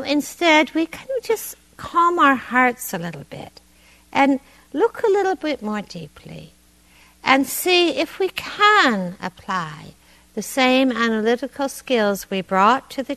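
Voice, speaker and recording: Lively, playful woman meditation teacher. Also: fairly high pitch, slow pace, poor audio. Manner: conversational, gently humorous. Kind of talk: dharma talk. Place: meditation hall.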